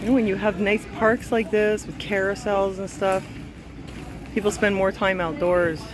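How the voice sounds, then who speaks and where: A Canadian travel vlogger walks through an outdoor city park with a handheld phone, gushing and exclaiming in a casual walking vlog. Her medium-pitched voice keeps a level tone at normal speed, with park noise in the background.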